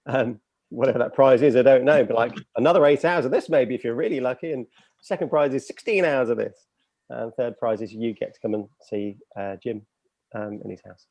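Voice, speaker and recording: A man's voice: medium pitch, fairly quick, darkish tone, dry recording. A man hosting a casual livestream chat, rambling and self-mocking with lots of fillers. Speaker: host.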